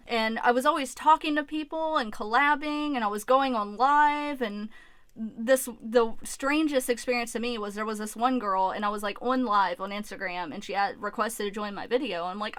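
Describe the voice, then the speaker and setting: A young woman talks straight to camera in a candid storytime vlog, emotional and open, with frequent restarts and casual swearing. Her voice sits a little high, and the sound is dry and close. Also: normal speed, a bit bright, no room sound. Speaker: YouTuber.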